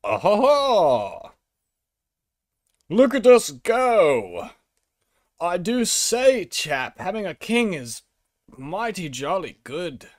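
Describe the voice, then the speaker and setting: A man's voice: high voice, big pitch swings, extremely slow, pauses often, no room sound, clean studio sound, heavily acted. A man putting on a mock posh British accent to play a pompous, twitchy upper-class monarchist, chortling in an exaggerated sing-song way. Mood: jolly pompous.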